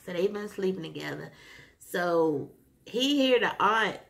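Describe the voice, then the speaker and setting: A woman vlogger casually recapping a TV episode, retelling scenes in an animated way with lots of fillers. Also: on the low side, unhurried, creaky, slight background noise. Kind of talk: casual chat.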